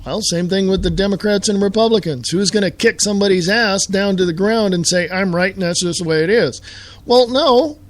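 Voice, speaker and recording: A man's voice: sits high, brisk. A man hosting a live show, delivering a heated, sarcastic political rant full of rhetorical questions.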